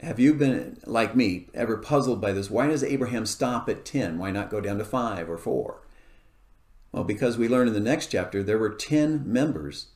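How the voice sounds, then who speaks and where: A man with a somewhat low voice preaches a sermon, working through a scripture passage verse by verse in a steady, measured way. His voice rings with the echo of a reverberant room. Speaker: pastor. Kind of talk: expository sermon. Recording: echoey room.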